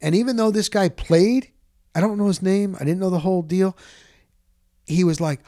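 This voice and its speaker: A man hosting a show, telling a story in a casual, animated monologue and often jumping into high voices when he quotes people. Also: a little fast. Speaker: host.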